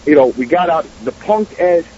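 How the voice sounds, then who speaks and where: This filmmaker guest, also New York-accented, has a fairly high, expressive voice with a dark tone and a moderate pace. His stories in the casual interview are profane and streetwise, heard over dull radio audio with slight hiss or hum.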